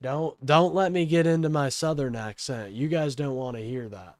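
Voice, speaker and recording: Speaking at a moderate pace in a medium-pitched voice with no echo, this young Kansas livestream host chats casually about politics, rambling to his viewers and leaning heavily on fillers.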